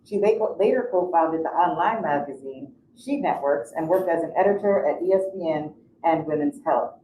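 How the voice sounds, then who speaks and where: A woman moderator in a bookstore reading a guest's bio aloud and adding quick asides. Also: low-pitched, dark tone, a little hiss or hum. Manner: reads bios, ad-libs asides. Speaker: event moderator. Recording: distant voice in an echoey bookstore.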